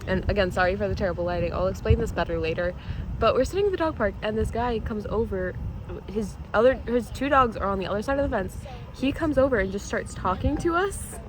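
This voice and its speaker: A woman's voice: medium pitch, lively intonation, fast talker, background noise. A young woman vlogger telling a casual storytime, chatty and full of likes and ums. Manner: chatty, lots of likes and ums, half-laughing.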